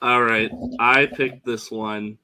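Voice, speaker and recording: Male podcast guest, bright forward tone, laid-back, self-mocking. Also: medium pitch, steady tone, slow, clean tone. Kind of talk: casual podcast chat.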